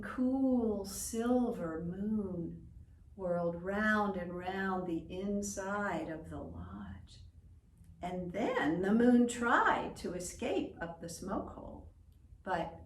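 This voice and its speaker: A woman telling a folk tale in slow, expressive, drawn-out narration. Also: on the low side, a little hiss or hum. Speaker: storyteller. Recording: roomy echo, distant from mic.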